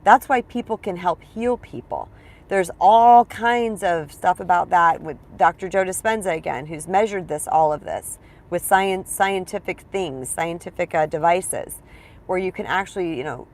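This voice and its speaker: A woman's voice: on the low side, normal speed. A woman speaking as a spiritual coach in a casual teaching monologue, chatty and emphatic, often checking in with her listeners.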